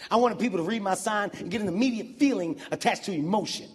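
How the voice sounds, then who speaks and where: A man performing a stand-up comedy set on a big stage, telling stories in an animated, profane way and bursting into shouts. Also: sits high, fast, breathy edge. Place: large live venue on stage. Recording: reverberant hall with constant background noise.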